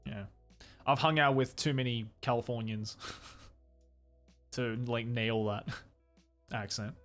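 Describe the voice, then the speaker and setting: A man's voice: medium pitch, takes it slowly, fairly bright tone, soft background music. A young Australian man streaming in a studio, chatting casually and animatedly. He swears often and laughs a lot. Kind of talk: casual chat. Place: studio, indoors.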